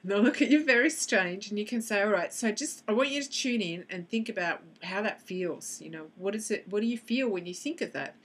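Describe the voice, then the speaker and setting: A woman's voice: medium pitch, slightly rough. A woman teaching how to use tapping with children, acting out both sides of a session as she explains. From Australia. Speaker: EFT practitioner. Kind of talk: instructional explanation to camera.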